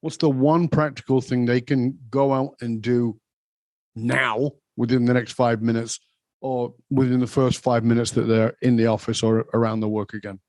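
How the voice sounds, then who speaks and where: A man's voice: medium pitch, little pitch movement, moderate pace, a little mellow, no room sound. A man hosting an interview podcast, courteous and formal in thanking his guest. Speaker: podcast host.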